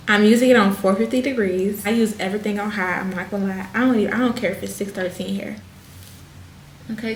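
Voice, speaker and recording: Talking to camera in an echoey room with some faint noise, a woman with a slightly high, somewhat bright voice casually explains a wig install. She's a hairstylist vlogger who keeps it chatty and addresses viewers as "y'all."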